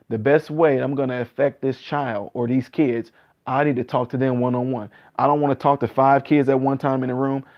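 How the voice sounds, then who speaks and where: A man in his late thirties talks earnestly to his live-stream viewers, mid-pitched and casual, circling back to the same point again and again. The stream audio sounds a little muffled and lo-fi. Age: 30s. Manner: earnest, repetitive, acts out other people's replies in a higher voice.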